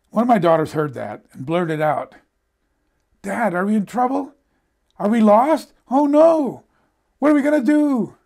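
An older American man giving a sermon, telling personal stories in a conversational way and often repeating words as he restarts a sentence. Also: fairly high pitch. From United States. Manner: conversational storytelling, repeats words when he stumbles. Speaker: preacher.

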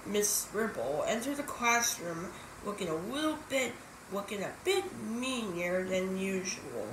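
A woman reading a children's book aloud, one chapter at a time, in slow storytelling. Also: medium pitch, lively intonation. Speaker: storybook reader. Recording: roomy echo, faint noise.

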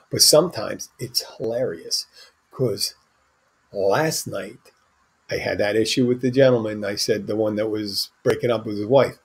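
Man, podcast host, husky, lowish voice, rambling anecdotes, casual storytelling. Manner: rambling anecdotal delivery with restarts and asides.

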